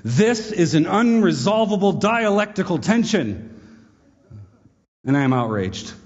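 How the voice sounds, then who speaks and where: A pompous young male philosophy student, outraged and lofty, spelling out each word slowly and emphatically, as a preacher puts him on. The sound is dull and lo-fi, with a long hall echo behind it. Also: sits high, very animated, darkish tone, voice pushed up.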